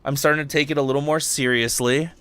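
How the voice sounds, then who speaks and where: A man's voice: a little high, steady tone, fast, fairly bright tone, smooth, no room sound. A young man hosting a casual livestream podcast, rambling and giddy, lightheaded from fumes, swearing freely. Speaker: podcast host.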